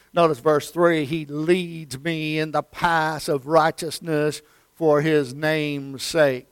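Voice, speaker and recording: Male pastor, high voice, unhurried delivery, goes from booming declarations to near-whispers, dry close sound. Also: smooth, dry recording. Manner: swings between loud emphatic declarations and hushed near-whispers; repeats phrases for emphasis, calls listeners friend. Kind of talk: sermon.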